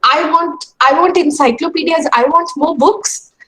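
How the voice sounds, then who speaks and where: A woman's voice: sits high, measured pace, bright, forceful tone, pitched above the performer's own voice, rough recording. A woman voicing a stubborn ten-year-old girl who insists she wants books instead of earrings in a story she tells students. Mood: insistent. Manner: pleading, insistent.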